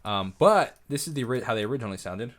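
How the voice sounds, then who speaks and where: A man, a music producer, giving an excitable, casual breakdown of his track, often correcting himself mid-sentence. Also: medium pitch, fast talker. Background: faint music from his session playback.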